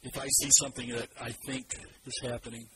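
Male preacher, mid-pitched, lively sermon delivery; heavy background noise on the track. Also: brisk. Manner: animated, leads the congregation in repeating verses.

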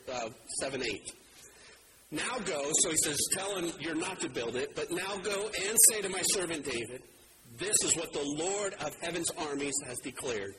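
A man preaching a sermon, talking casually and acting out the quoted speakers with big swings in his voice. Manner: animated, acts out quoted voices with wide pitch swings. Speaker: pastor. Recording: noticeable background noise.

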